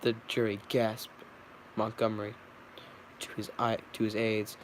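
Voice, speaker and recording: A man reading a film script aloud, stumbling, correcting himself and filling pauses. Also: lowish voice, monotone, a little hiss or hum. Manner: stumbling, self-correcting, with fillers. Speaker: reader.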